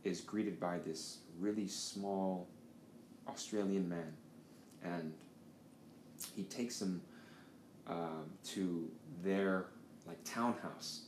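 A man's voice: low-pitched, drawn-out words, long pauses, a little mellow. A man hosting a podcast, telling a story in a casual, rambling way with lots of swearing. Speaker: podcast host. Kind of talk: casual conversation. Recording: echoey room with faint noise.

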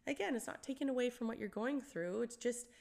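Animated storytelling woman, fairly high voice. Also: a little fast, creaky. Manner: animated storyteller, acts out quoted voices, laughs often, swears. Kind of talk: casual storytelling chat.

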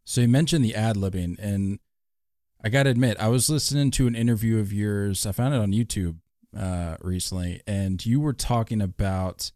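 A man with a lowish voice who hosts a casual podcast interview. He asks chatty, joking questions, and the recording is dry and close. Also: mellow, no echo. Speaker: podcast host.

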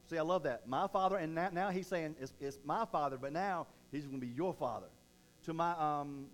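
Animated, slightly high-voiced male preacher. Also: a little fast. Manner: animated, repeats words, acts out quotes. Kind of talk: online sermon.

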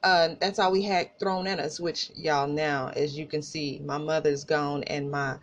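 A woman podcast host from Tulsa with an Oklahoma country accent, telling personal stories in a casual, animated way and talking straight to listeners. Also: deep voice, measured pace, dull audio. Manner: animated, laughing asides, addresses listeners as y'all.

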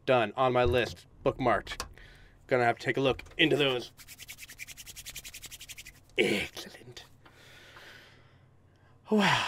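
A man's voice: medium pitch, slow pace, pauses often, a bit bright, no echo. A man hosting a casual podcast chat, rambling with fillers and laughs.

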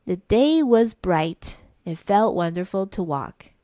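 Lively woman reading a bilingual story. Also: on the low side, slow, no room sound, clean studio sound.

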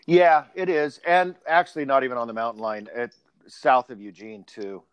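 A man's voice: mid-range voice, steady tone, normal speed, clean tone, no room sound, highs cut off. A man hosting a casual conversation, telling long, rambling stories. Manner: rambling anecdotal storyteller.

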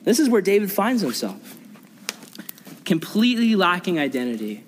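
A man's voice: high-pitched, big pitch swings, normal speed, a little hiss or hum. A young man preaching a sermon to a youth group, earnest, often asking the audience questions. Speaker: youth pastor. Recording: long reverb of a hall.

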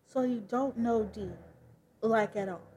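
A woman's voice: on the high side, fairly even intonation, measured pace, dark tone, a little hiss or hum, close to an everyday voice. A woman voicing an anxious adopted teenage girl, asking earnest questions in a comic book read-aloud. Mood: troubled.

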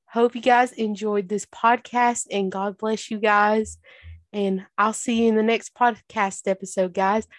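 A woman's voice: mid-range voice, level tone, a little slow, dry recording. A woman with a mid-range voice closes out her podcast episode. She speaks earnestly and encouragingly to her listeners. The recording is dry and close. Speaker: podcast host. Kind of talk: casual podcast wrap-up.

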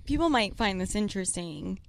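A woman's voice: mid-range voice, lively intonation, brisk. A young woman co-hosting a casual podcast, chatting in a confessional, profane way with lots of fillers. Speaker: podcast co-host. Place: small room, no producer present. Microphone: podcast microphone.

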